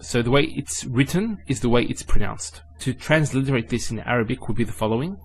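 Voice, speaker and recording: In a spoken Arabic lesson, a male teacher walks through letters and vowels, splitting words into syllables, sounding each out slowly, then repeating it. His manner is patient and methodical, and his mid-range voice carries a breathy edge.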